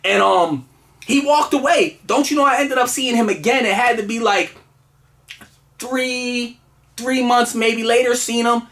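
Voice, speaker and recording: A man's voice: very high-pitched, measured pace, fairly bright tone. Earnest man telling a personal story. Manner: earnest, conversational, with many fillers and restarts. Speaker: guest telling his story. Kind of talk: casual storytelling.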